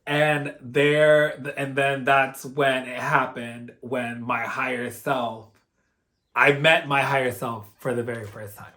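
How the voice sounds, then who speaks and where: A spiritual vlogger with a mid-range, level voice speaks slowly with a sharp edge. He casually shares a personal story, earnest and openly emotional, rambling and peppering it with "like" and "you know."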